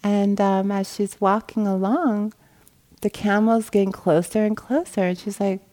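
A woman meditation teacher giving a dharma talk, telling a story with animated delivery and acting out the voices in it. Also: measured pace. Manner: animated storyteller, acts out quoted voices with rising pitch. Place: meditation hall.

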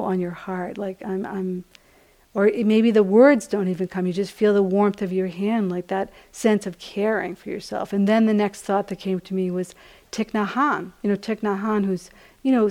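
A woman teaching meditation in a relaxed, conversational dharma talk, filling her speech with small "you know"s. Her voice sits at a middling pitch for a woman and has a gravelly, creaky texture. The talk is given at a retreat center. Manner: gentle, conversational, many "you know" fillers.

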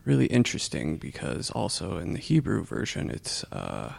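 A man offers a reflective comment to a meditation group, speaking very slowly with lots of hesitations. His voice is heavily gravelly and husky, and its pitch rises and falls a lot. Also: huge pitch swings. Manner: hesitant, thoughtful, many fillers. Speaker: group participant.

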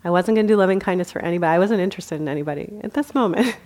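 A woman giving a dharma talk as a meditation teacher, speaking gently with light humor and frequent laughter. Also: on the low side, racing. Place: meditation center.

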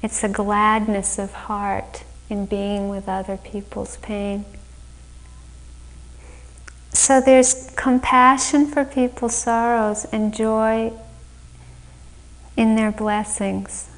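A woman meditation teacher giving a dharma talk on retreat, slow, gentle and reflective, often laughing at her own stories. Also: mid-range voice, little pitch movement, poor audio. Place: retreat center meditation hall.

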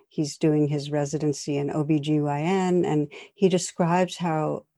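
A woman meditation teacher giving a calm, reflective dharma talk with gentle jokes. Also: deep voice, no room sound, studio quality.

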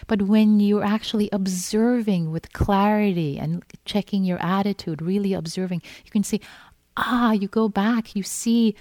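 A woman meditation teacher giving a gentle, repetitive dharma talk in which she acts out inner thoughts. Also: mid-range voice, moderate pace, dry recording. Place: meditation hall.

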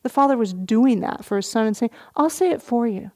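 A middle-aged woman, a meditation teacher, giving a dharma talk at a retreat, telling a story gently with soft laughs. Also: on the high side, expressive, a little fast.

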